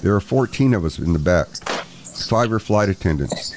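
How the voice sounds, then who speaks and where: A man reading as an urgent, hushed airline passenger. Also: low-pitched, lively intonation, normal speed, background noise.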